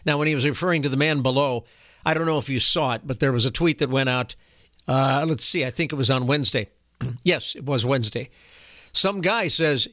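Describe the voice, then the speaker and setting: A man's voice: medium pitch, fairly quick, a bit bright, no room sound, studio quality. A man hosting an opinionated political commentary show, folksy and indignant, reading posts aloud between filler-laden asides.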